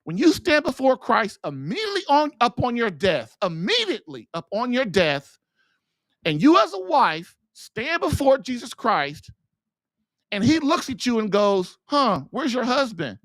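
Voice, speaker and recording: Preachy man, podcast host, impassioned monologue, rhetorical questions, swooping pitch, dry close mic. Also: huge pitch swings, a little slow, a bit bright, dry recording. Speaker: podcast host and marriage coach.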